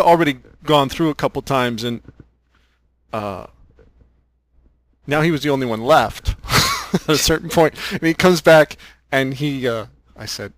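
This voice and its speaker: Hosting a casual conversation, a man tells a story about a workshop, laughing often, making reflective asides, and acting out quotes. His voice is medium-pitched, expressive and unhurried, with no echo.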